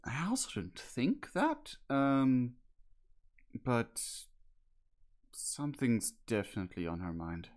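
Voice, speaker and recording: Slow, hesitant man playing a tabletop game. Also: mid-range voice, wildly swooping pitch, darkish tone. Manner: hesitant, many fillers and restarts. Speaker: player. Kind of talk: describing a character's actions in a tabletop game.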